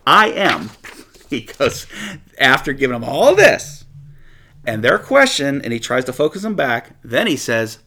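A man teaching through a Bible passage in a sermon, reading verses aloud and then paraphrasing them in a lively, conversational way. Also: medium pitch, unhurried. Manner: animated, reads scripture aloud then paraphrases it conversationally, laughs often.

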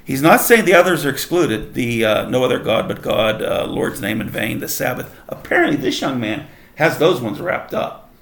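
A man's voice: mid-range voice, expressive, moderate pace, gravelly, fairly bright tone, reverberant. A man leading a casual Bible study, reading verses aloud and explaining them in a conversational way. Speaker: Bible teacher.

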